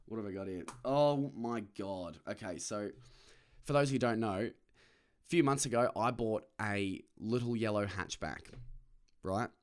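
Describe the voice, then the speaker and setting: A man's voice: fairly low pitch, a little slow, clean tone. A young Australian man hosting a casual podcast from his car, ranting and swearing freely, and putting on other people's voices. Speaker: podcast host. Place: parked car.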